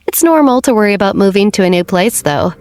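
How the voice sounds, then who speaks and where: A woman voicing a kind teenage girl who speaks warmly and sincerely. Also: medium pitch, expressive, fast, dry recording, close to an everyday voice. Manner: warm and sincere.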